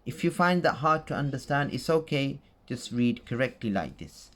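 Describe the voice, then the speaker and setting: A man explains recitation rules in a relaxed tutorial voice. He is patient and goes over each point more than once, checking in with his listener as he goes. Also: medium pitch, moderate pace. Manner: patient, repeats points with frequent "okay?" and "right?" checks. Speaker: Quran recitation teacher.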